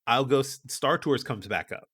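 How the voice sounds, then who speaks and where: Lively man telling a story. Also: medium pitch, moderate pace. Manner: animated storyteller, acts out quoted people. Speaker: podcast co-host. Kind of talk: casual storytelling chat.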